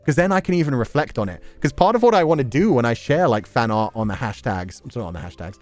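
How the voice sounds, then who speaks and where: A man's voice: mid-range voice, lively intonation, quick pace, a little mellow, faint music behind. A man hosting a livestream, chatting loosely with viewers, full of fillers and frequent laughter. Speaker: livestream host. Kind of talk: casual livestream chat reading viewer messages.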